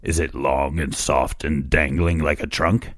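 Guy doing a super deep proud swordsman in a storybook reading, dry sound, picks fights. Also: steady tone, measured pace, fairly bright tone, dry recording, exaggerated voice. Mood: challenging. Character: proud touchy swordsman, male, adult, quick to challenge.

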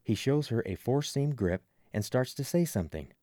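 A man narrating a first-person audiobook with expressive storytelling. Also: medium pitch, normal speed, few pauses, no room sound, clean studio sound.

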